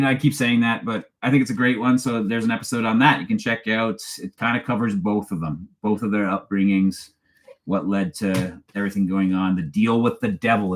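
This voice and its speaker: A man, hosting a casual live-stream chat in a rambling, chatty way and laughing often as he reads viewer questions aloud. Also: on the low side. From Canada. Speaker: true crime channel host.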